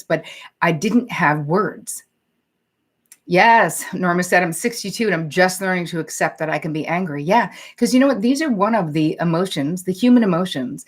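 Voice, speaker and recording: A woman psychotherapist hosting a live-streamed talk, speaking candidly and conversationally, swearing casually and reading out viewer comments as she goes. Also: lowish voice. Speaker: psychotherapist and show host.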